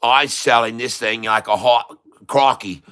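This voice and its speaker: A man voicing a rowdy male Australian bloke with an Australian accent, talking loud, excited and slangy. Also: medium pitch, measured pace, clean tone.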